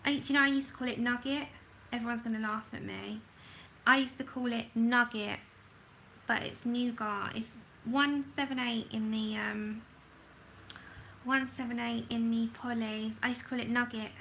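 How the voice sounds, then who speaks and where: Livestream host, woman, gravelly and bright, slow and chatty, slight background hiss. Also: a little high, fairly even intonation, low-quality recording. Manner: chatty, self-laughing, talks to herself while working. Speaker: livestream host swatching colour pencils. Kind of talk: casual livestream chat.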